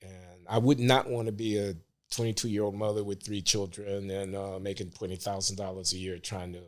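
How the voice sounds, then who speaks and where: An older man, a podcast guest, speaking in a measured, deliberate way that becomes emphatic. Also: on the low side, little pitch movement. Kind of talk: interview conversation.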